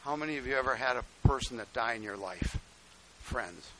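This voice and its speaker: An older male pastor giving a sermon, telling stories in a folksy way, dropping to quiet asides and then rising to loud exclamations. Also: animated, fairly quick, low-quality recording. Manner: folksy storytelling preaching, swinging from low asides to loud exclamations. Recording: faint hiss.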